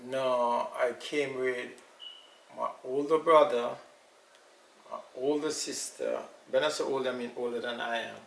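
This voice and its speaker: An older man with a Jamaican accent, recalling his family's past in an unhurried, storytelling way during an interview. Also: medium pitch, steady tone, gravelly. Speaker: elder being interviewed. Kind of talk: casual recollection. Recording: echoey room, far from mic, faint noise.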